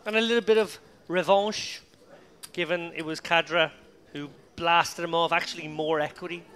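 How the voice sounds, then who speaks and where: A man's voice: a little high, fairly even intonation, normal speed, a bit bright. A man doing live poker commentary, analytical and chatty.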